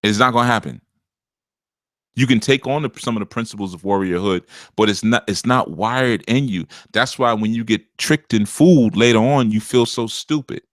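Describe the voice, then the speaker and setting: A man with a low, rough, gravelly voice that carries a faint scratchiness. He lectures like a spiritual teacher, punchy and blunt, in an unscripted monologue. He is recorded close on a dry mic. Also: normal speed, dry recording. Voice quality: slight scratchiness at the top of the voice. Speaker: spiritual teacher giving relationship advice.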